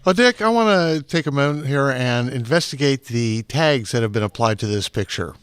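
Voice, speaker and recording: A man's voice: mid-range voice, animated, moderate pace, a bit bright, smooth, no room sound. A man co-hosting a casual comedy show, who rambles, repeats his words and giggles as he talks. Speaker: co-host.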